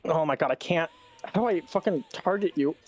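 A man playing a fighting game with a friend, swearing a lot and yelling in frustration. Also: fairly high pitch, brisk. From Latino. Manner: swears constantly, yells in frustration. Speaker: gaming YouTuber. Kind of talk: casual gameplay banter.

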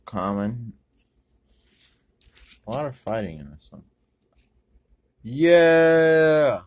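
A man rambling through a pack opening, correcting himself and using many ums and uhs, with sudden bursts of excitement. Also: fairly low pitch, unhurried, breathy edge. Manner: bursts of excitement over good pulls. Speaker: card-opening video host. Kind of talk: casual pack-opening commentary.

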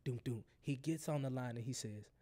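A man from St. Louis with a St. Louis accent, a podcast guest and radio host telling stories in an animated way, often laughing and acting out other people's voices. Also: mid-range voice, fairly quick. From St. Louis, USA. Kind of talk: casual storytelling.

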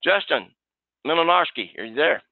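A man's voice: fairly high pitch, expressive, moderate pace, no echo. A man coaching salespeople on a video call in a folksy way, often repeating "okay". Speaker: sales trainer. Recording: dry, tinny phone-like line.

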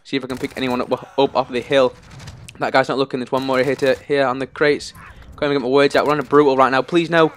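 A man giving live gameplay commentary, excitable and anxious, often pleading under pressure. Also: mid-range voice, quick pace. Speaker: gaming YouTuber.

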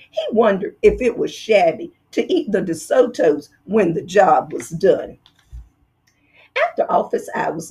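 A woman reads a children's picture book aloud at an unhurried pace. Her voice rises and falls expressively from one phrase to the next. The reading is clear and deliberate, made for young listeners. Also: medium pitch, mellow. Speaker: storyteller.

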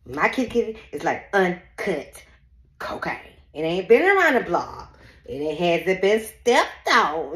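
A woman running a casual spiritual reading chats straight to her audience, breaking into laughter often and swearing freely. Her pitch swings widely as she talks. The voice rings in an echoey room. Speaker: psychic reader.

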